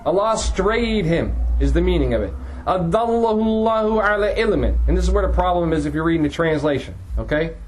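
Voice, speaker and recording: A man's voice: on the high side, expressive, fast talker, few pauses, darkish tone, a little hiss or hum, low-quality recording. A man teaching a class, reading passages aloud and then translating and explaining them phrase by phrase, with frequent restarts. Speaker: teacher explaining a religious text. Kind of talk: classroom lecture.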